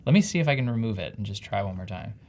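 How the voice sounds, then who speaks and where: A man's voice: fairly low pitch, animated, very fast, a little mellow. Chatty man with a Jersey accent. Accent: New Jersey. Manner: upbeat, chatty, self-deprecating. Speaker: livestream co-host. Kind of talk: casual live-stream chat.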